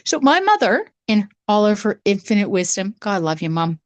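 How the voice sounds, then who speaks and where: Animated Canadian woman telling a story. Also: mid-range voice, moderate pace, no room sound. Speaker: podcast co-host, psychic. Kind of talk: casual storytelling.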